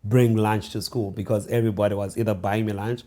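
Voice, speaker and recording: A low-pitched South African man in his forties, speaking as a guest author in a relaxed interview. He tells his memories slowly and reflectively, often restarting a phrase and dropping to a hushed, quiet tone. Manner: reflective, halting restarts, slowing into hushed storytelling. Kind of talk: conversational interview storytelling.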